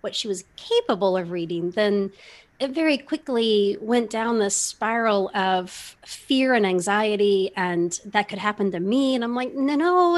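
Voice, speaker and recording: A middle-aged woman hosting a casual interview, asking thoughtful, measured questions. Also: mid-range voice. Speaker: podcast host.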